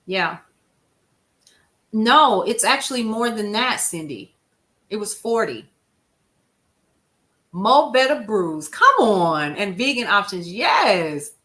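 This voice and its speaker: A woman's voice: medium pitch, animated, slow pace, pauses often, pushed and bright. A woman hosting a casual news recap live stream, chatting with her viewers and answering their comments in an emphatic, conversational way. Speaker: livestream news show host.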